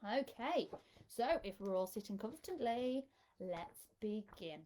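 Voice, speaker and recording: A woman children's entertainer reading a picture book aloud in a live storytime, expressive and coaxing the children to join in. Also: mid-range voice, unhurried.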